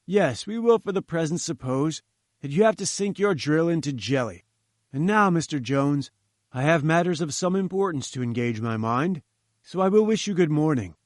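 A man's voice: a little high, animated, normal speed, no echo, studio quality, close to an everyday voice. A man voicing a domineering older male scientist, speaking in a commanding, dismissive and grandly emphatic way. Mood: curt, haughty. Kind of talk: audiobook character reading.

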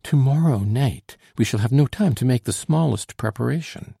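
A man reading an audiobook, voicing an anxious young noblewoman who questions urgently in a raised, lively voice. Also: medium pitch, moderate pace, creaky, husky, no echo, clean studio sound, voice pushed up. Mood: urgent, eager. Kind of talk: audiobook character voice.

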